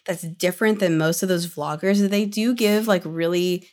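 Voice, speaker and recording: Woman, podcast co-host, casual chat, chatty, lower pitch. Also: darkish tone. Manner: chatty, reacts with quick questions.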